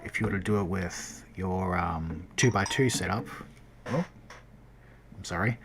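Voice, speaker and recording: With a deep voice and measured pace, a man talks over a noisy background. In this casual tutorial livestream he builds a game, chatting as he goes, rambling and often fixing his own sentences partway through.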